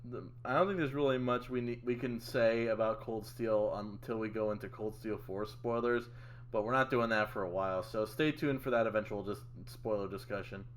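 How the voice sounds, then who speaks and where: A man hosting a casual podcast chat, relaxed and swearing in offhand asides. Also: lowish voice, normal speed, slight background noise. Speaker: podcast host.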